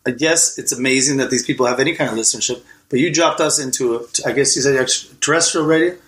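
A man hosts a podcast in loose, crude banter, swearing freely and joking bluntly. His voice sits at an ordinary pitch and echoes around a hotel suite. The room sound hangs on every line. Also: fast, a bit bright. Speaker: podcast host.

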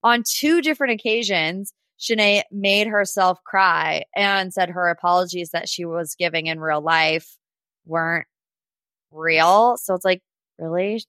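A woman's voice: lowish voice, measured pace, fairly bright tone, clean tone, no room sound. A woman hosting a casual reality TV recap, sassy and gossipy, chatty and full of "like". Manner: sassy and gossipy, talks straight to people she discusses; chatty, with frequent "like" and laughs. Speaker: podcast host.

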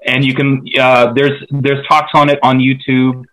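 A man's voice: medium pitch, flat delivery, fairly bright tone, low-quality recording. Eager man full of fillers. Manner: enthusiastic, halting with many fillers. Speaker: podcast panelist. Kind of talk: casual group chat.

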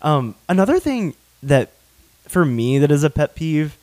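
A man's voice: a little high, big pitch swings, measured pace, mellow, no echo. Casting: young Southern man, talkative podcast co-host, dry close sound. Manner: chatty, laughs often, many restarts. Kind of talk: casual chat.

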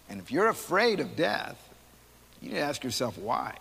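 A man, a pastor teaching Sunday school in a rambling, animated, conversational way, often repeating his words. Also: fairly high pitch, moderate pace, creaky, husky. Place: church hall. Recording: church hall reverb.

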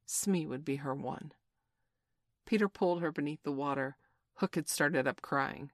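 Woman narrator, low voice, storybook reading, dry close sound. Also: moderate pace, no echo.

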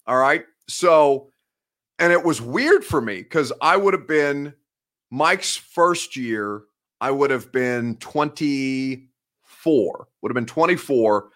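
A man's voice: medium pitch, fairly bright tone. A man around thirty hosting a casual live show, rambling and cutting himself off, laughing often. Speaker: podcast host and sports reporter. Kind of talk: casual live-show chat, reading viewer comments.

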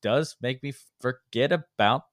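A man co-hosting a podcast in casual chat, animated and quick to jump in with asides. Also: medium pitch, no echo, studio quality. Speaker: podcast co-host.

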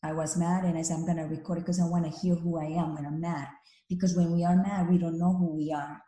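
Earnest woman, mellow voice, roomy sound. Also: low voice. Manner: earnest storyteller, non-native English phrasing. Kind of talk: casual conversation.

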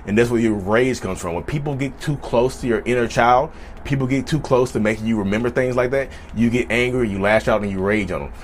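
Fast-talking man telling a personal story. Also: mid-range voice, slight background noise. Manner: chatty, repetitive, keeps addressing viewers as y'all. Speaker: vlogger. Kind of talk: casual storytelling to viewers.

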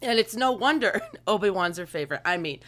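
A woman co-hosts a podcast in a mid-range voice that is animated, brisk, and slightly bright. She chats casually and reads listener letters aloud with enthusiasm, laughing often.

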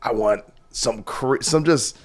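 A man's voice: medium pitch, slow. Man podcast host, mid voice, rambling, restarts, jokey exaggeration. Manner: rambling, full of restarts and hyperbole. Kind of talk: casual interview chat.

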